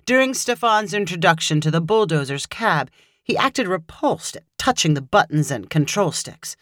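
Expressive woman narrating a story. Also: lowish voice, normal speed, no room sound, clean studio sound.

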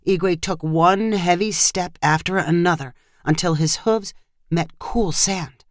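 Story narrator, steady and measured, mid pitch, dry close sound. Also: no room sound.

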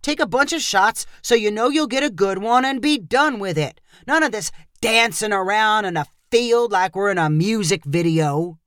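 A woman's voice: medium pitch, expressive, moderate pace, few pauses, a bit bright, no room sound, lightly acted. A woman reads as a stubborn, grumpy dad who whines his complaints, his voice rising and falling in wide swings. Close and dry, nothing around it. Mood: complaining. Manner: whiny, complaining. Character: grumpy stubborn middle-aged father.

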